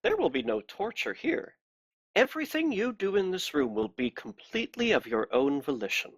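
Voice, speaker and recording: Guy doing a cold polite inquisitor, formal and creepy calm, dry sound. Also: sits high, moderate pace, slightly rough, dry recording, pitched above the performer's own voice, heavily acted. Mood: coldly polite.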